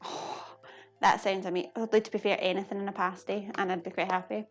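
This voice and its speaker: A woman's voice: medium pitch, little pitch movement, fairly quick, highs cut off, faint music behind. A woman with a Glasgow-area Scottish accent, chatting casually while cooking and reading comments, laughing often at herself. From Scotland. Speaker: live cooking streamer.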